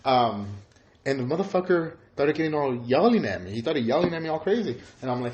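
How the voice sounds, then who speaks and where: A man co-hosting a podcast, telling stories in casual chat with lively acted-out quotes and plenty of swearing. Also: mid-range voice, brisk, slight background noise. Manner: animated storytelling, acts out quotes, heavy swearing. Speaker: podcast co-host.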